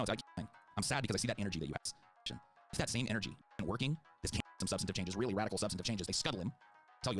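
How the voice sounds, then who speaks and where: A man arguing politics with passion, swearing often and apologizing for getting worked up. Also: sits low. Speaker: video creator and political debater. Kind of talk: heated political debate.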